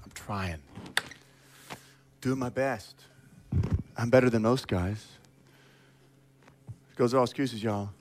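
A man preaching a sermon to his congregation, animated and emphatic, calling people out directly and acting out people in quick asides. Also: on the low side. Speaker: pastor.

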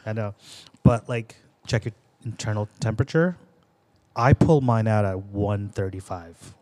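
A man's voice: lowish voice, unhurried, a little mellow. A man co-hosting a podcast in casual, joking chat, swearing freely while giving cooking tips. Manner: profane, joking, gives cooking advice. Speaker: podcast co-host. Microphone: audio interface.

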